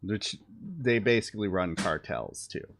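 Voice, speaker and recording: A man with a somewhat low voice, riffing through loose political commentary on a live stream. He talks bluntly and sarcastically, with offhand swearing and wry asides. He sounds like a young parent chatting to his viewers. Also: expressive, a little slow, fairly bright tone, slight background noise.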